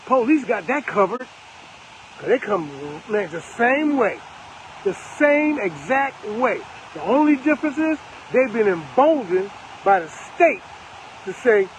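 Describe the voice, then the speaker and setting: Emphatic older man with a high voice. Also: lively intonation, normal speed, a little hiss or hum, rough recording. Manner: preachy, emphatic, repeats phrases for effect. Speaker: host of a live broadcast. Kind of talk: casual live-stream commentary.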